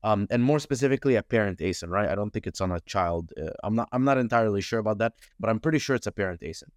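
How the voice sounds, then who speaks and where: A man talking as a podcast guest in a casual, frank and animated way, with frequent fillers and casual swearing. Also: on the low side, racing, dry recording, studio quality. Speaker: podcast guest, advertising consultant. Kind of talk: casual conversational interview.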